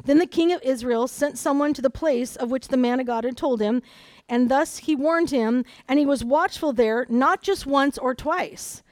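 A woman preaching at a conference, reading a Bible story aloud with lively asides and dramatized quotes. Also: high voice, normal speed, no echo. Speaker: conference speaker. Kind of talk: sermon with scripture reading.

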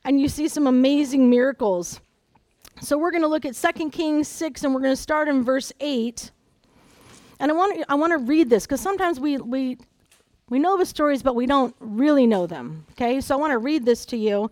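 A woman with a high voice preaches a sermon, reading scripture and breaking in with animated asides. Her voice is close and dry, with no room sound. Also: moderate pace, no room sound. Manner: animated, dramatizes the Bible story with voices and asides. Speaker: conference speaker.

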